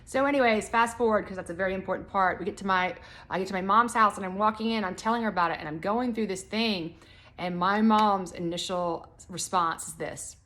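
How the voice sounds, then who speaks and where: A middle-aged woman telling a personal story in a casual way as a wellness channel host. She often restarts her sentences and gets loud and heated when she retells a confrontation. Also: medium pitch, brisk. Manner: animated, rising loud and heated in retold confrontations; frequent restarts and fillers.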